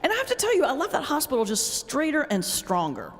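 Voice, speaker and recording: Animated woman pastor in a reverberant hall. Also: fairly quick. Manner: animated storytelling with sudden pitch jumps. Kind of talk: humorous lecture storytelling. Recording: long reverb of a large hall.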